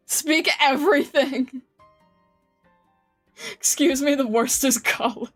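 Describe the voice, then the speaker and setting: A woman's voice: high voice, takes it slowly, pauses often, a bit bright, soft background music. A woman streamer chatting casually with her viewers, giggling often and reading their comments aloud in a flustered way. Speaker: game streamer.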